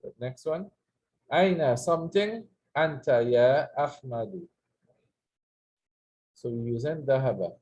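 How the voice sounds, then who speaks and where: A man's voice: medium pitch, lively intonation, slow pace, long pauses, darkish tone. A man teaching an Arabic lesson, explaining verb forms in English and having students repeat after him. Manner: patient, repeats words for students to echo. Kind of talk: classroom language lesson.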